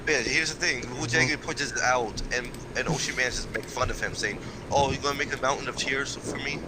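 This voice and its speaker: A man's voice: mid-range voice, fairly even intonation, fairly quick, a loud crowd, rough recording. A young man co-hosting a casual podcast, blunt and dismissive with casual swearing. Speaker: podcast co-host. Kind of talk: casual chat.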